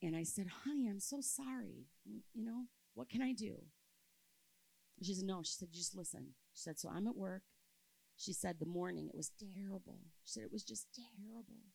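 A woman in her fifties preaches with a gravelly, creaky edge to her voice, recorded dry and close. She tells a personal story from the pulpit, rising to loud, emphatic bursts and then dropping to soft, hushed lines. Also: mid-range voice, moderate pace, dry recording, rough recording. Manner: expressive, swings between loud emphasis and soft quiet storytelling. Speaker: speaker at a church camp. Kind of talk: sermon with storytelling.

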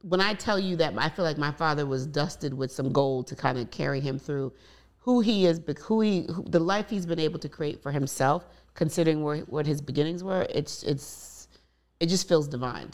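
A low-voiced woman speaking at normal speed appears as a guest in a candid conversation. She tells personal stories openly, with lots of asides.

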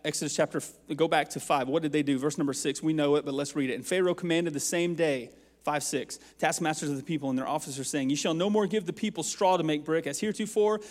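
A man's voice: fairly high pitch, darkish tone. A man preaching a sermon as pastor, with passionate rising and falling intensity. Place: church sanctuary. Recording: long hall reverb.

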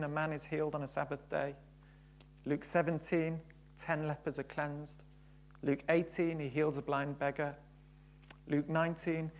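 A man's voice: fairly high pitch, darkish tone. Male preacher, fervent, repeats his points, faint hum under the voice. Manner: builds to fervent emphasis, repeats phrases. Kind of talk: sermon.

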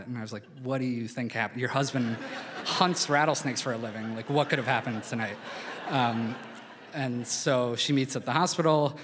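Speaking in a slightly bright, mid-range voice, a Philadelphia man recounts a true story onstage, loose and conversational, peppered with "like" and other fillers. The live hall echoes, and a little hiss or hum is audible.

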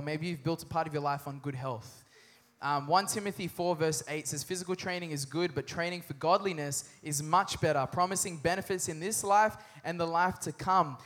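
A young male pastor with a notably high voice delivers an energetic sermon. He mixes humor with earnest points and keeps prompting the congregation to repeat after him. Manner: energetic, humorous, with call-and-response to the crowd.

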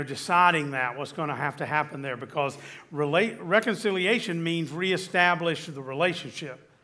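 Bright-voiced man preaching a sermon. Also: fairly high pitch. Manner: teaching with scripture, asks the audience questions. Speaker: pastor.

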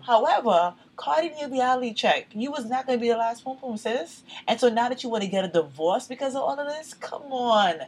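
A woman's voice: fairly high pitch, lively intonation, fairly quick, few pauses, slightly rough. A woman co-hosting a casual chat, blunt and outspoken, swearing freely.

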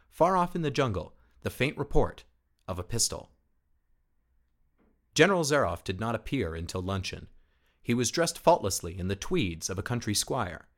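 A man narrating a short story as an audiobook reading, in a measured, steady storytelling manner. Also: fairly low pitch.

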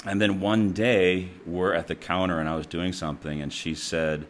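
Deep-voiced blunt male nurse. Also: moderate pace. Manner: blunt and profane, animated. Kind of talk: casual storytelling.

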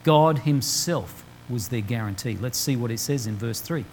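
A man preaching a sermon, slowing down to quote scripture word by word with emphasis. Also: medium pitch, a little mellow, slight background noise, rough recording. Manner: emphatic, slow deliberate quoting of scripture. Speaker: pastor. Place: church.

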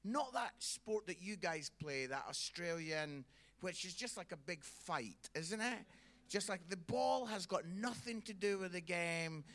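A Scottish stand-up comedian works the crowd with chatty storytelling, his high, bright voice rising and falling a great deal as he keeps the audience involved. He is expressive and speaks a little slowly.

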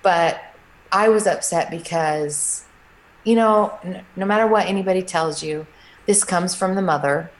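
A woman's voice: fairly low pitch, low-quality recording. Emotional woman telling a personal story. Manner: halting, emotional, many restarts. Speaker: interview guest.

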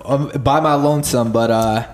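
A man's voice: mid-range voice, fairly even intonation, normal speed, a crowd in the background. A young man, hosting a podcast and telling a loose, profane story in casual chat. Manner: loose storyteller, swearing, laughing. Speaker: podcast host.

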